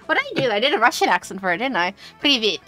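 A woman's voice: on the high side, sing-song, rapid-fire, sharp tone, soft background music. A woman streamer chatting casually while playing a game, giggly and rambling. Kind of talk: casual gaming stream chat.

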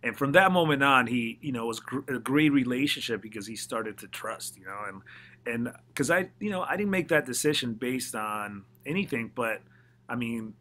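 A man, a mix engineer, telling studio stories in a casual interview, animated and swearing freely as he acts out what others said. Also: mid-range voice, normal speed.

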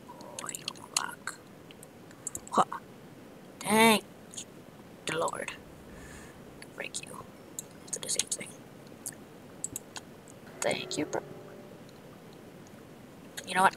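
A woman's voice: mid-range voice, animated, takes it slowly, long pauses, low-quality recording. A woman narrating her own gameplay, muttering to herself in a half-whisper with frustrated outbursts. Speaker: gamer. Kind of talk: let's play commentary.

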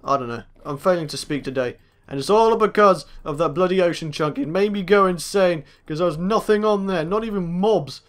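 A man's voice: high-pitched, fairly quick. A young man, a gaming host, chatting to himself through a let's play and taunting the monsters he meets. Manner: chatty self-talk, taunts game mobs.

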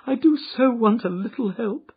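A woman's voice: expressive, a little slow, husky. A man voicing a distraught, frightened young woman who pleads for help, in a dull lo-fi recording. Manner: pleading, high and breathless.

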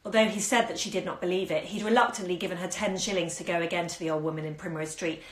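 A woman's voice: lowish voice, fairly even intonation, fast. A woman reading a short story aloud at home, giving the dialogue small acted turns. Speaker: bookshop owner reading aloud. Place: indoors at home during lockdown. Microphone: phone on a live stream. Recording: echoey room on a phone stream.

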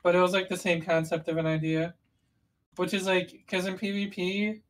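Brief: woman with a lower voice, co-host who walks through game strategy in loose, meandering detail. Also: flat delivery, normal speed, low-quality recording. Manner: rambling, detailed explainer with restarts. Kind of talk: casual gaming chat.

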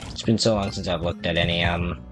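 A gaming video creator offers rambling, self-deprecating commentary as he plays, talking to the on-screen characters. His low voice is fairly even and a little fast, with music playing behind it.

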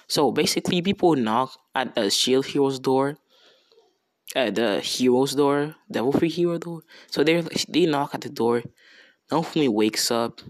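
A man's voice: medium pitch, dry recording. A young man improvising a fan story in a rambling, slangy, casual way with many restarts.

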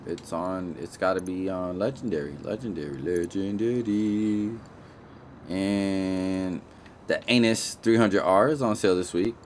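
Casual male streamer, lowish voice, slangy and playful, repeats lines, faint hiss behind. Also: measured pace. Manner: playful, slangy, often apologetic, repeats himself. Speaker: gaming streamer. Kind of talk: casual live-stream commentary.

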